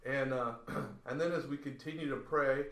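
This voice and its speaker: A man's voice: mid-range voice, moderate pace, echoey room. A man on a podcast, telling a story casually and acting out what people said. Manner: animated storyteller, acts out quoted lines. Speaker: podcast guest.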